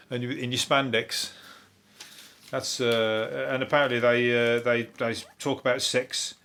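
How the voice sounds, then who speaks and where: An English comedian hosts his podcast in loose, rambling chat, dropping swear words freely and chuckling between thoughts. His voice sits at an ordinary, middling pitch for a man. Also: fairly bright tone.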